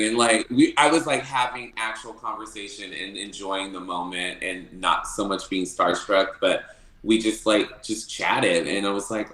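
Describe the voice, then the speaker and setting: A man telling stories as a podcast guest, animated, often laughing and acting out what people said. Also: lowish voice, normal speed, echoey room, low-quality recording. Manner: animated, laughing often, acts out quoted lines. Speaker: podcast guest, drag performer. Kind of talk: casual storytelling interview.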